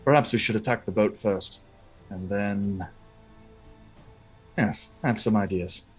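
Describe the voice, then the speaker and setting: A man voicing a male henchman who quietly plots an attack for his lord. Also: lowish voice, measured pace, breathy edge, soft background music, pitched below the performer's own voice. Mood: plotting. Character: loyal male henchman plotting a murder.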